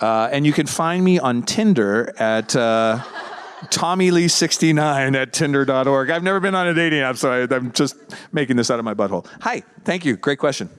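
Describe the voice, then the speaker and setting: Chatting playfully with fans during a casual Q&A, this convention panel guest actor keeps tossing in jokey asides. He has a mid-range, fairly bright, smooth voice at normal speed, and the room leaves a long reverb tail.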